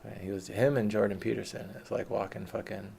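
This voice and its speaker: A man's voice: on the low side, flat delivery, brisk, a little mellow, slight background noise. A middle-aged man ranting in an unscripted vlog, profane, combative and mocking. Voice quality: gravelly. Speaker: vlogger. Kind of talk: unscripted rant.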